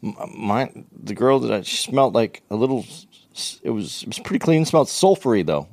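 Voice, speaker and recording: Man, casual podcast chat, stammering, lively pitch, dry close sound. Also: gravelly, dry recording. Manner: halting, stammering, animated. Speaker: podcast co-host.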